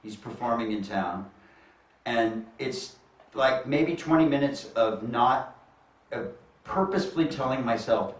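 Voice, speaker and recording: A man hosting a comedy show, chatty and halting, full of ums and uhs. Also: mid-range voice, distant mic. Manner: chatty, halting with many fillers. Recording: echoey room, mic heard from afar.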